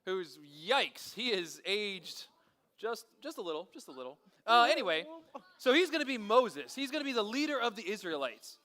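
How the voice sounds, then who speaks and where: A man leading a children's Bible story, energetic, playful and chatty with the kids. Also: sits high, moderate pace. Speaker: children's pastor.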